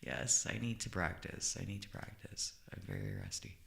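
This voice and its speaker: A woman's voice: very deep voice, very animated, moderate pace, gravelly, fairly bright tone, reverberant. A middle-aged woman with a stuffed-up nose, chatting shyly and apologetically on a headset between songs, giggling often. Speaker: guest singer on a live music stream. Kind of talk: casual chat. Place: hot indoor room under lights.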